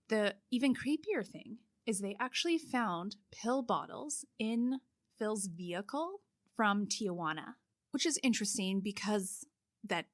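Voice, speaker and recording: A woman's voice: medium pitch, no room sound. Casting note: woman co-host telling a true-crime case casually, dry close-miked sound. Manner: steady storytelling with frequent "like" fillers.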